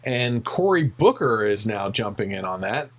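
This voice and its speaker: A man's voice: on the low side, sing-song, normal speed. A man hosting a casual podcast, opinionated and given to ranting. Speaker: podcast host.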